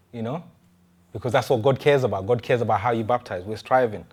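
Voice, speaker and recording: A man, a pastor, giving a conversational sermon full of rhetorical questions and quick restarts. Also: mid-range voice, darkish tone, slightly rough.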